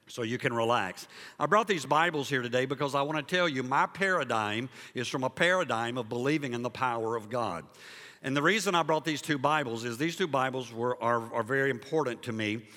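A male pastor preaching a sermon and telling a story, moving between loud emphasis and hushed, quiet passages. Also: medium pitch, long reverb tail. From Liberia. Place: church sanctuary.

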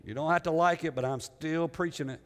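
Preaching pastor in a reverberant hall. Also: male voice, fairly high pitch, steady tone, a little fast. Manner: dramatic preaching, swinging from loud to hushed. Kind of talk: sermon.

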